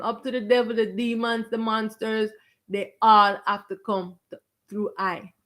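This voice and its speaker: A woman spiritual teacher preaches to her stream audience in a raised, fairly high voice. She is confrontational and insistent, hammering points through repetition and slowing down to stretch the key words. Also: fairly even intonation, sharp tone. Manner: emphatic and confrontational, stretching stressed words and repeating phrases. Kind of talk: preaching to viewers on a live stream.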